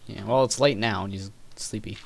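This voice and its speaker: Gravelly, low-voiced man gaming. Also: a little fast. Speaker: co-player. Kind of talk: casual gaming chat.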